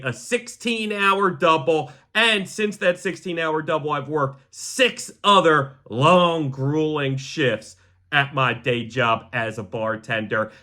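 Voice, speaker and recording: A young man hosting a podcast, talking to camera in a heartfelt, halting way that sometimes sounds choked up. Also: on the high side, sharp tone. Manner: repeats the word "gang" to the audience. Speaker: podcast host. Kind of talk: emotional personal monologue to camera.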